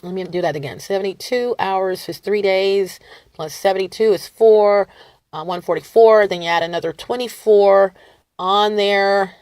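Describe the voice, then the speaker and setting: Animated, defiant woman vlogger. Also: mid-range voice, moderate pace, no room sound, studio quality. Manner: animated, defiant, laughing, swings loud and soft. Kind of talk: rambling talk to camera.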